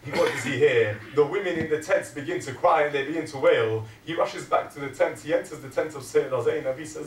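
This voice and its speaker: A man's voice: fairly high pitch, brisk, hardly any pauses, distant mic. A man preaching a mourning sermon, telling a sacred story with emotional, dramatic intensity. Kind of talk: impassioned sermon narration. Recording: echoey hall, voice from afar.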